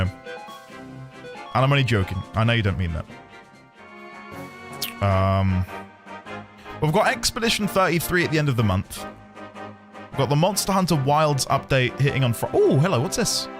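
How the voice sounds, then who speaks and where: A man's voice: medium pitch, big pitch swings, moderate pace, long pauses, over music. A man streaming gameplay, casual and self-mocking, joking with his viewers.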